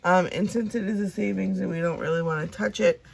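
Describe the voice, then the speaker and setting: A young woman chatting casually as she counts and sorts cash, talking to herself now and then and dropping into soft whispers. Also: mid-range voice, steady tone, brisk, gravelly, slight background noise. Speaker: budgeting vlogger.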